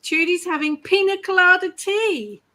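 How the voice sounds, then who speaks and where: A woman's voice: very high voice, normal speed, bright, forceful tone. A woman hosting a casual online gathering, reading out comments and chatting, laughing often. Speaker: ritual host.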